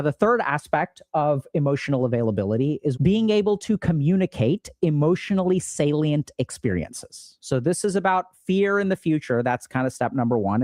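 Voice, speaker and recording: Casual explaining man, fairly high voice. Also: a little mellow, no echo, studio quality. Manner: casual, upbeat, acts out quoted dialogue. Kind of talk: explanatory talk to camera.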